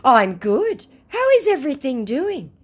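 A woman voicing a pushy, dim male romance scammer in a slow, high, exaggerated way. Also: big pitch swings.

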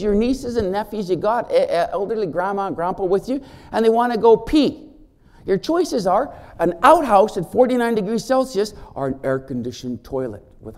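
Man, keynote speaker, high voice, lively swings, joking with the crowd. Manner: animated, joking, asks audience questions. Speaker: keynote speaker, First Nations chief. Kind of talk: conference keynote.

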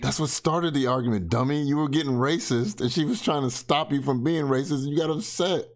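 A man's voice: medium pitch, fairly quick. A man giving blunt, sarcastic casual commentary, swearing freely and keeping his voice down. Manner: talks softly. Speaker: reaction commentator.

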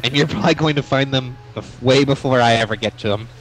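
A man's voice: mid-range voice, fast, a bit bright, faint music behind. A man co-playing a video game, chatting casually, teasing and joking with his partner. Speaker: co-op gaming partner. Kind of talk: casual gameplay chat.

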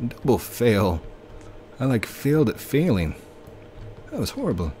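A man's voice: medium pitch, very animated, unhurried, long pauses, dark tone, slight background noise. A young man streaming a game live, playful and joking with friends. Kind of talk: casual gameplay live stream.

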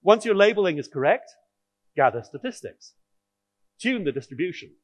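A man's voice: high-pitched, sing-song, moderate pace. A man giving a technical conference talk, explaining in a wry, audience-directed way. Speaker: conference speaker.

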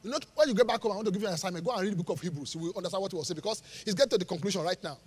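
A man preaching a live sermon as pastor, animated, asking the congregation rhetorical questions and laughing between points. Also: high voice, very fast, breathy edge. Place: large church hall. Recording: live church sermon with long hall reverb.

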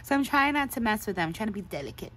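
A woman's voice: medium pitch, expressive, rapid-fire, fairly bright tone. Woman host, casual show-and-tell, gushing and giggly, medium voice. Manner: gushing, chatty, laughs often. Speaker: craft channel host.

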